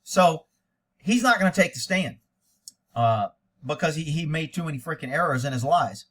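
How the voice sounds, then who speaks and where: A man with a fairly high voice reads a document aloud in a plain tone. He breaks in often with blunt, profane remarks. His comments sound sarcastic and indignant. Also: animated, normal speed, a bit bright. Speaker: online commentator. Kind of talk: reading a document aloud with reactions.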